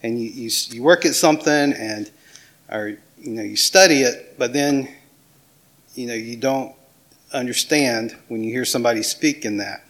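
Middle-aged male pastor, Southern accent, relaxed conversational sermon, ordinary pitch. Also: normal speed. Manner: casual, self-deprecating, with small laughs and restarts.

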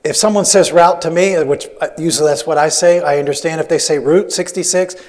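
A man's voice: on the high side, steady tone, quick pace, darkish tone. A man preaching a sermon as a missionary, telling stories in a rambling way with many restarts. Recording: long hall reverb.

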